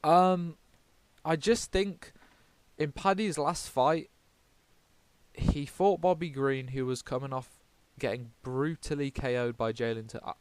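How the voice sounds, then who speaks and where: A man's voice: fairly high pitch, steady tone, unhurried, clear, resonant tone, no room sound. A man from the UK giving casual fight predictions, rambling, swearing often and correcting himself as he goes. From United Kingdom. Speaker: MMA vlogger.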